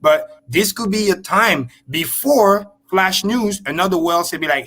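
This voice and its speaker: A man talking through trading charts on a casual livestream, emphatic and blunt, with swearing, repeating key points slowly. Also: high voice, fairly bright tone. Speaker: guest crypto trader.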